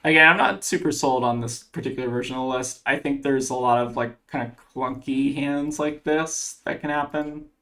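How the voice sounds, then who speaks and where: Man, gravelly voice, casual card game commentary, mid pitch, thinking aloud. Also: moderate pace, hardly any pauses, sharp tone. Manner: thinking aloud, weighing plays with fillers. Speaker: card game player commentating his match.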